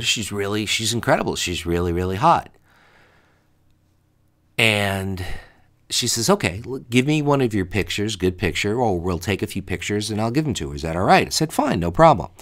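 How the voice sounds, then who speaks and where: A man spins a funny dating story in a slightly low voice that swoops up and down with animation. He sounds exasperated as he acts out both sides of the conversations. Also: fairly bright tone.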